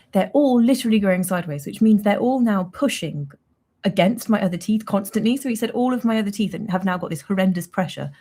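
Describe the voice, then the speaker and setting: A woman's voice: mid-range voice, dark tone. A young woman hosting a casual livestream, chatting in a rambling, self-mocking way and laughing often. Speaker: livestream host.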